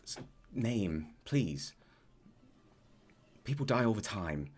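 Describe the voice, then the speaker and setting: A man narrating as dungeon master in a tabletop game, setting scenes in a measured way with frequent fillers. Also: lowish voice, very animated, darkish tone, husky.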